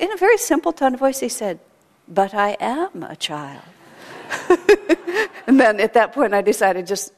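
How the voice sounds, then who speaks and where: Woman giving a talk in a reverberant hall. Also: medium pitch. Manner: storytelling with laughter and acted-out quotes. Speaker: spiritual speaker. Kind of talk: sermon. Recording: long reverb of a large hall.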